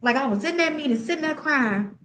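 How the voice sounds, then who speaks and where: Woman, tarot reader, animated, slangy, bright tone. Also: high voice, brisk, slight background noise. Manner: animated, laughing, slangy and candid. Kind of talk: live tarot reading and storytelling.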